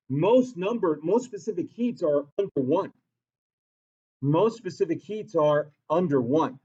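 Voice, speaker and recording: A man's voice: on the high side, lively intonation, unhurried, dark tone, husky, muffled recording. A man teaching a science class who repeats key points and quizzes his students. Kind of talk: classroom lecture.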